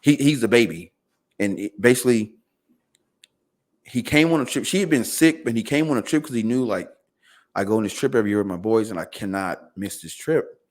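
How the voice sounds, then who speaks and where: Low-voiced man telling a story. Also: expressive, brisk. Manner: fillers and repeated words, quoting others in dialogue. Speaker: podcast guest. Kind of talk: casual storytelling.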